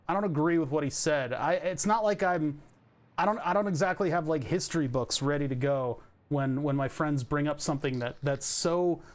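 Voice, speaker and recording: A man streaming a building game, chatting casually to his viewers in a rambling, self-mocking way. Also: on the high side. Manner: rambling, self-mocking, jokey asides to chat. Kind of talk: casual gameplay commentary.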